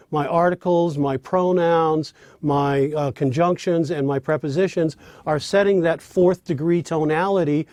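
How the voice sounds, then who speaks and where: Man, fairly high-pitched, dry close sound; animated teacher of songwriting who speaks and sings example lines. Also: no echo. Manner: demonstrates by speaking and singing lines; animated, with restarts. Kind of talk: spoken lesson with sung examples.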